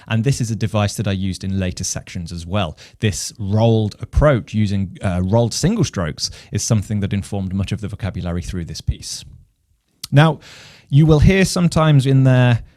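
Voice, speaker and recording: Low-voiced man explaining drum rhythms. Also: lively intonation, darkish tone, no echo, clean studio sound. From England. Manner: measured, counts beats aloud. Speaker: music teacher and composer. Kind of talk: instructional explanation.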